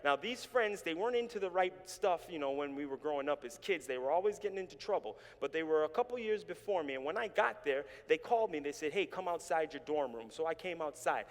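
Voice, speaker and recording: A man from Canada preaching a sermon in a church, telling his story with animation and calling on the congregation to respond. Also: on the high side. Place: church sanctuary. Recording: reverberant church hall.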